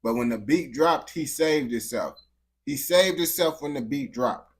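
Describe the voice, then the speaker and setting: A man hosting reaction videos speaks a little slowly at a medium pitch, offering casual, slang-heavy commentary. He peppers it with "bro" and "gang" and restarts his sentences again and again.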